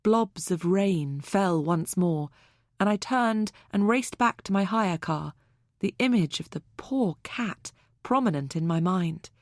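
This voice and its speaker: A woman narrates an audiobook in a measured, even storytelling manner. Her voice sits in a middle register. The recording is dry and close, with no room sound. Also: mid-range voice, no echo. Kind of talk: scripted narration.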